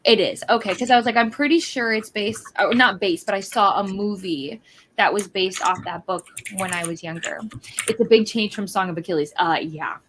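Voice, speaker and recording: A woman's voice: medium pitch, normal speed, fairly bright tone, a little hiss or hum. Chatty woman hosting a reading stream. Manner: chatty, reads out chat greetings. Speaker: livestream host. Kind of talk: casual chat. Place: in bed at home.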